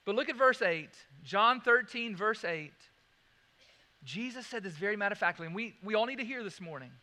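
A man preaching a sermon, swinging from loud emphasis to hushed, slow lines and repeating key phrases. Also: high voice, expressive, long reverb tail. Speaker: pastor.

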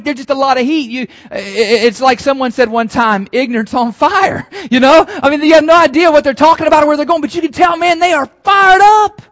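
Earnest preacher, muffled recording. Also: male voice, very high voice, a bit bright. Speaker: pastor. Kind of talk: sermon. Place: church service. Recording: slightly dull lo-fi sermon recording.

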